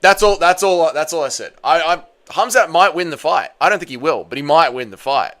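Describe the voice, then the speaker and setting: A man's voice: a little high, expressive, a little fast, fairly bright tone. An Australian man hosting a casual livestream, chatting and greeting viewers one after another with plenty of slang. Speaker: livestream host.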